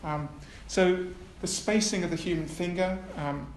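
Speaking a little slowly in a high, steady voice, a male academic reads his lecture from a prepared text, pausing for the occasional hesitant aside. The lecture room echoes, and there's faint noise behind him.

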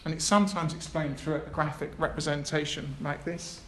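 A man's voice: a little high, steady tone, a little fast, fairly bright tone. A man gives an academic lecture, reading a prepared text with hesitant asides. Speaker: academic speaker. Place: lecture room. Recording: echoey room, faint background noise.

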